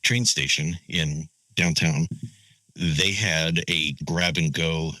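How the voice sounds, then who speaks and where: A man's voice: a bass voice, steady tone, slow, sharp tone, dry recording, rough recording. An easygoing man co-hosting a podcast in casual chat, laughing along with his partner. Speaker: podcast co-host.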